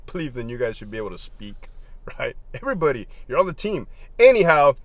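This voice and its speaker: A man's voice: medium pitch, sing-song, brisk, no echo. A middle-aged former prison lieutenant telling stories in a casual, profane way, laughing often as he goes. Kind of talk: casual storytelling monologue.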